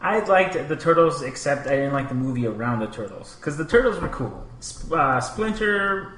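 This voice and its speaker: A man's voice: medium pitch, animated, normal speed, a bit bright. A man co-hosting a podcast in casual chat, giving blunt, emphatic opinions. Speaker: podcast co-host. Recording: echoey room with faint noise.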